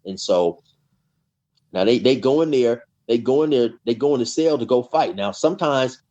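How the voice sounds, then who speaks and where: A middle-aged man tells a long story as an interview guest. He talks casually and rambles, filling his pauses with "you know" and repeating words. His voice sits at a middling pitch, and the recording sounds dull and lo-fi. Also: expressive, dark tone. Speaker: guest telling prison stories.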